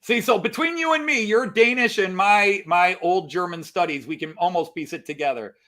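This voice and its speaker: A man's voice: high voice, moderate pace, bright, forceful tone. Rambling man chatting on a stream. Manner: explains at length, thinks aloud with many fillers. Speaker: co-host of a model railroad live stream. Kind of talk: casual live-stream chat.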